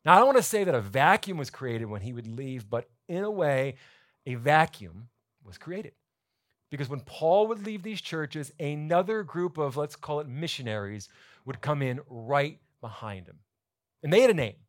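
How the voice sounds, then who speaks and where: A man preaching a sermon to his church congregation, explaining scripture in a lively, conversational teaching manner. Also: fairly high pitch, normal speed. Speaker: pastor. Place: church sanctuary.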